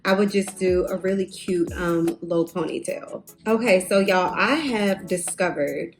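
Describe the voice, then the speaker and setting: A woman's voice: on the low side, unhurried. Young woman vlogger, chatty and rambling, casual hair-tutorial chat, light music behind. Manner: chatty, rambling with fillers and asides. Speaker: beauty vlogger. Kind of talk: casual chat while doing her hair.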